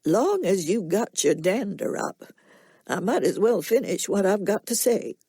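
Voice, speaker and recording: A quietly stern Southern farmer, as a woman narrator puts him on, talks in a slow, nasal drawl with a low, mellow tone. His words are plainspoken and unhurried. The reading is close and dry. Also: sing-song, breathy edge, no room sound, full character voice. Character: slow, soft-spoken middle-aged Southern farmer man. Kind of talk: audiobook character reading.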